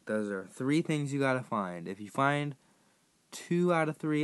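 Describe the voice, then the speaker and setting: A hoarse man who has partly lost his voice, chatting casually to viewers as he plays a game and sets tasks for them. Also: mid-range voice, lively intonation, a little slow. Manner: rambling, chatty, addressing viewers directly. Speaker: gaming YouTuber. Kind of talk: casual gameplay commentary.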